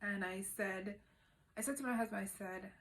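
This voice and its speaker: A woman vlogger candidly telling a personal story at home, emotional and at times quiet and subdued. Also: mid-range voice, fairly quick.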